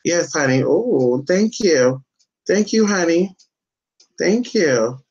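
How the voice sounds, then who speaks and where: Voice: animated, takes it slowly, a little mellow, muffled recording. Brash, sassy vlogger who swears a lot. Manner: calls everyone "honey", swears freely, jumps to a high squeaky voice when teasing the dog. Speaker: vlogger talking to the camera and to a pet dog. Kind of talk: casual, profane home vlog. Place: indoors at home. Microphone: phone or camera set down nearby.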